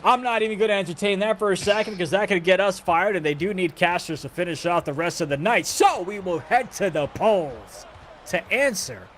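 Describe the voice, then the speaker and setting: Brief: male play-by-play caster, high-pitched, energetic and joking, faint background hiss. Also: brisk. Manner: energetic, jokey, rising to shouts on big plays. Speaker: esports basketball play-by-play caster. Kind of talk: live esports play-by-play.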